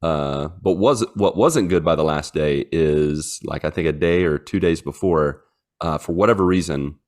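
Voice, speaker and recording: Podcast co-host, man, 30s, very low voice, chatty storyteller with lots of fillers. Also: normal speed. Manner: rambling storyteller, many fillers, acts out his dogs in silly voices. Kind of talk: casual chat.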